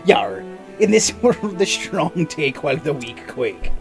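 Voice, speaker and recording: Man playing a pirate captain, gruff, taunting, pirate slang, drawn-out yar, game voice. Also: a little high, very animated, over music, full character voice. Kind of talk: reading game dialogue in a put-on voice.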